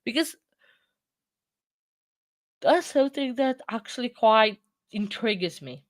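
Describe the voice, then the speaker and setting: Taking her time, a woman with a fairly high voice and lively intonation hosts a casual live chat, recorded dry in studio quality. She's sleepy and yawns, rambling chattily and frequently interrupting and restarting herself.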